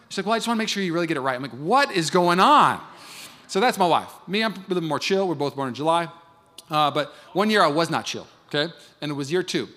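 His voice fairly high, pushed and bright, a pastor in his thirties recounts a marriage story during a sermon, performing each side of it. The recording, made in a large church hall, has long reverb.

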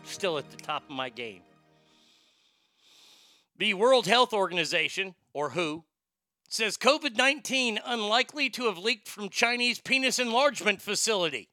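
Male comedy host who reads news with crude, irreverent asides. He has a high, very bright voice. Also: animated, normal speed, dry recording, studio quality, faint music behind. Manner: profane, irreverent joking. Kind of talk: comedic news-reading commentary.

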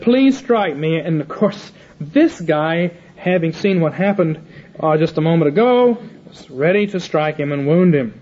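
An older man delivers a Bible teaching lecture in a voice that sits on the high side and sounds mellow. He retells scripture in a casual paraphrase, voicing the dialogue himself, and the recording is muffled and lo-fi.

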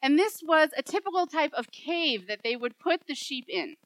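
A woman pastor preaching a sermon, telling a story in an animated way and acting out the voices in it. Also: sits high, moderate pace, no echo, poor audio.

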